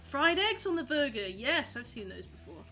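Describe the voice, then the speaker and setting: Young woman, game streamer, rambling casual chat, bright and slightly high voice. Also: sing-song, moderate pace, soft background music. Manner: chatty, rambling, reacting to chat messages. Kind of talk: casual live-stream chat while gaming.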